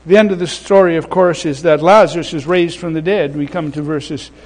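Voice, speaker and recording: A man preaching a sermon, emphatic and repeating his phrases, swinging between loud passages and soft ones, with conversational asides to the congregation. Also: a little high, steady tone, brisk, low-quality recording.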